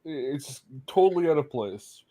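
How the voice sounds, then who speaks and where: A man's voice: fairly high pitch, expressive, moderate pace, crowd noise. A man chiming in agreeably during a casual group chat.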